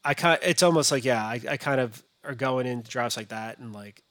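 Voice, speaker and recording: A man's voice: mid-range voice, brisk, fairly bright tone, no echo. A man as a podcast guest, talking casually and hesitantly with many restarts. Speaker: podcast guest, fantasy baseball analyst.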